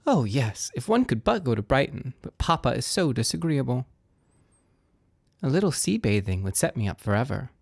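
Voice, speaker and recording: A man's voice: mid-range voice, big pitch swings, moderate pace, vocal fry, husky, no echo, studio quality, voice pushed up, exaggerated voice. A man voicing a flighty, dramatic teenage girl in a storybook reading. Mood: pouting.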